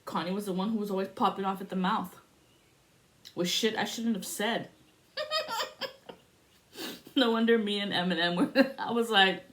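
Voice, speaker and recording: A woman in her forties from the United States, telling stories in a casual, profane, animated monologue as a spiritual vlogger. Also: medium pitch, unhurried, pauses often. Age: 40s. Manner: profane, animated storytelling with laughs.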